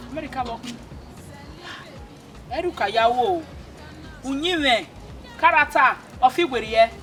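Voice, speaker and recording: A woman's voice: high-pitched, pushed and bright, heavily acted. A woman playing an older village elder, lecturing in a mix of pidgin and local words.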